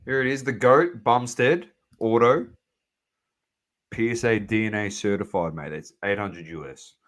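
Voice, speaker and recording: A man's voice: lowish voice, measured pace. An Australian man co-hosting a sports podcast, chatting casually in blunt, sweary slang. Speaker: podcast co-host.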